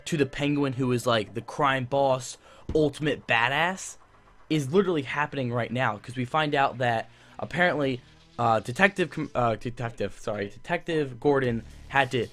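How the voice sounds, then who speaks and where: A man's voice: mid-range voice, moderate pace, fairly bright tone. A young man giving a casual, enthusiastic TV review that rambles, with many fillers and restarts. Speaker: YouTube TV reviewer.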